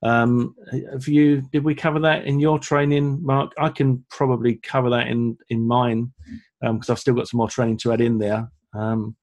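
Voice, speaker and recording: A man's voice: medium pitch, level tone, moderate pace, darkish tone. A man co-hosting a live online Q&A, reading out viewer comments and laughing easily. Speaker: webinar co-host. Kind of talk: live Q&A chat.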